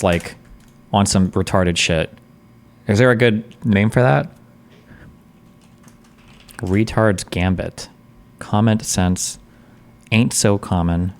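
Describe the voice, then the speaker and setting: A man casually commenting on a debate during a live stream, blunt, profane and thinking aloud in long rambles. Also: fairly low pitch.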